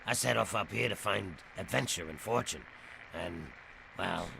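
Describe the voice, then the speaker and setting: An actor playing a weary, kind male ghoul bartender in a video game, raspy and humble. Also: low-pitched, moderate pace, background noise. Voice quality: raspy, gravelly. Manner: humble, resigned.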